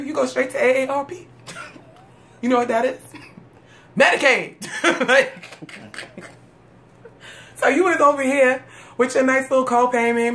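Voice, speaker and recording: A woman's voice: a little high, fairly bright tone. A woman delivering a sarcastic, streetwise comedic rant, laughing at her own jokes. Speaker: comedic monologue host.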